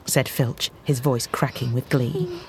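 A man narrates a children's storybook at a middle pitch. His reading is measured and expressive, with a steady storyteller's pace. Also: a little hiss or hum. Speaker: audiobook narrator.

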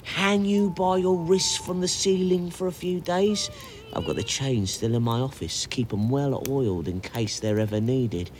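A man's voice: mid-range voice, unhurried, darkish tone, slight background noise, lightly acted. A man reading a book aloud and voicing a spiteful old male school caretaker who sneers and gloats. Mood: gloating.

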